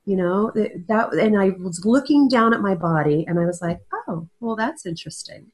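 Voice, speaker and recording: A woman's voice: mid-range voice, lively intonation, moderate pace, a little mellow, rough recording. Earnest woman telling her story. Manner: earnest, searching, restarts mid-sentence. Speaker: interview guest. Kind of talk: casual interview talk. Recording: audio-only interview.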